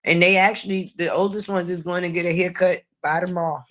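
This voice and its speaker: A woman's voice: on the low side, steady tone, fairly quick, fairly bright tone. A middle-aged woman giving casual live-stream commentary, brash and profane, laughing often at her own jokes.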